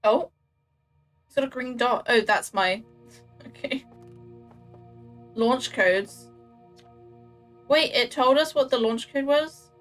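A woman's voice: high voice, slow, pauses often, a bit bright, faint music behind. A young woman streaming a game, chatting casually to herself and her viewers, joking at her own clumsy play. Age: young adult. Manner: chatty, self-mocking, talks to herself and chat while playing. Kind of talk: casual gameplay commentary.

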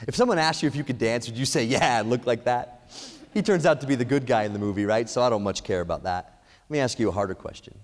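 A man giving an energetic motivational speech on ethics, asking the audience many questions. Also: fairly low pitch. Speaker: speaker at an ethics event. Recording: echoey hall reverb.

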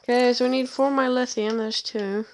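A woman's voice: a little high, fairly even intonation, normal speed, slight background noise. A young adult woman streaming a game, muttering her plans to herself as she plays. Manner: mutters to herself while playing. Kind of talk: casual gameplay commentary. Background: game music.

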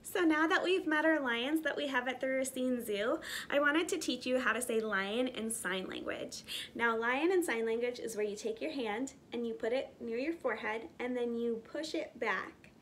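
A woman teaching preschoolers online as a zoo educator, gently encouraging and reading a picture book aloud with animated storytelling. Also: fairly high pitch, normal speed, a little hiss or hum.

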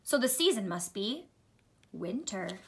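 A young woman teaching young children to read, reading picture books aloud slowly in a sing-song way with some hesitant fillers. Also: medium pitch, big pitch swings, a little hiss or hum.

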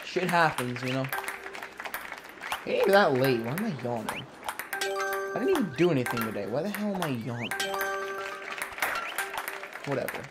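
A gamer giving casual, profanity-heavy commentary while playing, muttering to themself and breaking into loud frustrated outbursts. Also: mid-range voice, very animated, moderate pace, long pauses, loud music behind the voice, over a noisy crowd. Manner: swears a lot, mutters to self between loud frustrated outbursts. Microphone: gaming mic.

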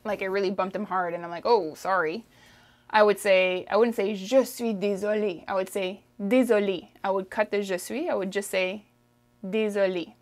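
A woman with a Canadian French accent teaching a French lesson, drawing out phrases slowly for the listener to repeat and checking in with "okay?". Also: medium pitch, fairly even intonation. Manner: slow, drawn-out pronunciation drills, frequent "okay?" checks. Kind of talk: language lesson, modelling phrases for repetition.

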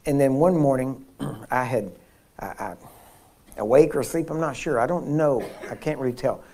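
A man's voice: mid-range voice, normal speed, a little hiss or hum. A man preaching at a healing seminar, telling personal stories with frequent laughs and restarts. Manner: animated storyteller, laughs often, frequent restarts. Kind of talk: sermon with personal storytelling.

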